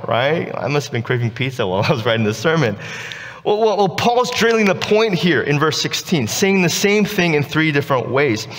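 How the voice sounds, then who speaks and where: A male pastor giving a relaxed, conversational sermon, often checking in with "right?". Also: on the high side, long reverb tail. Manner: casual, keeps asking "right?". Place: church sanctuary.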